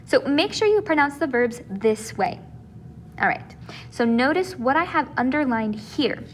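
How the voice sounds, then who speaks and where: A high-pitched woman talks through a recorded lesson as a teacher, patient and encouraging as she walks through each step. A faint hiss sits under her voice. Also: very animated, a little slow. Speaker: Spanish teacher.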